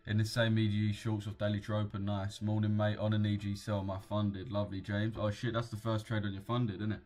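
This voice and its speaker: Laid-back young British man, low voice. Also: flat delivery, a little fast, a little mellow. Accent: British English. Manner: laid-back, slangy, reads out viewer comments. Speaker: trading livestream host. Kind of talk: casual livestream chat.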